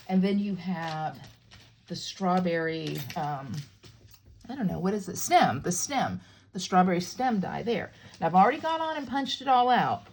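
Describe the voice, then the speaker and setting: Chatty woman with a lively, gravelly voice. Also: fairly low pitch, slight background noise. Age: middle-aged. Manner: chatty and playful, jokes with viewers. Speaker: crafting tutorial host. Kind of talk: casual craft demonstration.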